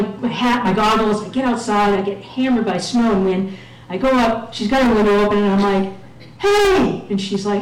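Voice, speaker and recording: Woman storyteller, wry and self-mocking, slightly high voice, recorded in a room from afar. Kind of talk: live personal storytelling. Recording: echoey room, mic at a distance.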